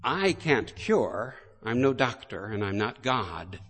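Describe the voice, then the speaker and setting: A man's voice: medium pitch, sing-song, slow, a bit bright, slightly rough, big-room sound, exaggerated voice. A man playing an indignant priest who defiantly challenges a devil. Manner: defiant and emphatic.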